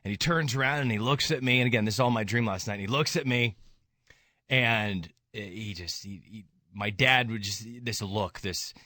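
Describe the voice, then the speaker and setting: A radio host talks rawly about grief, his emotion rising into anger. His voice is lowish and sharp at a moderate pace, recorded dry with studio quality.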